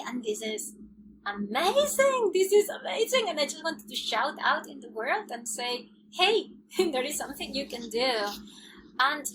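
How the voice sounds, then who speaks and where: Animated woman telling her story, noisy recording. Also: a little high. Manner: animated storyteller who acts out quoted dialogue and laughs often. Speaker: interview guest. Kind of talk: personal recovery story in an interview.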